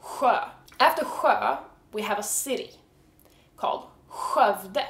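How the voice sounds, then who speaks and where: A woman's voice: mid-range voice, takes it slowly, vocal fry, fairly bright tone, echoey room. A woman with a Swedish accent, a native Swedish speaker, explaining pronunciation in a casual video lesson with frank, swearing, exasperated humor. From Sweden. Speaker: vlogger teaching Swedish pronunciation.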